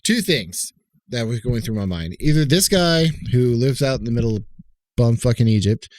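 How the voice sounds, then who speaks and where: A man's voice: mid-range voice, animated, moderate pace, no echo. A man co-hosting a podcast, telling a long profane story in casual chat and acting out the people he talked to. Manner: rambling, profane, retells calls in quoted voices. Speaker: podcast co-host.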